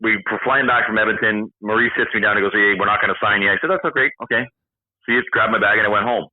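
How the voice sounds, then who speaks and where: A man in his forties with a low voice tells animated stories, acting out the dialogue and swearing freely. The voice comes over a thin, phone-like line. The sound is dry and close, with no room echo. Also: very fast. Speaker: podcast guest, retired hockey player. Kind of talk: casual storytelling interview. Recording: tinny phone-like call line.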